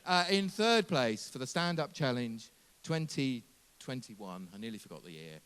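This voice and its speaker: A man presenting comedy awards, ad-libbing and pausing between announcements. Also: mid-range voice, big pitch swings, a bit bright, smooth.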